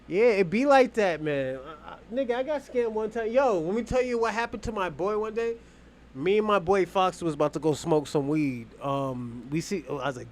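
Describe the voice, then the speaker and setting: A man's voice: on the high side, normal speed, a little hiss or hum. A young man hosting a stream, chatting and telling joking stories in a loose, casual way. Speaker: streamer host. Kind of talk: casual reaction commentary.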